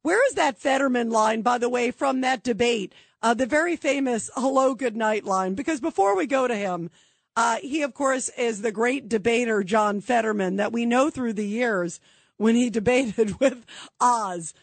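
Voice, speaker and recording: A woman hosting a radio talk show, sarcastic and animated, mocking and doing impressions as she talks. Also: fairly high pitch, moderate pace, no echo.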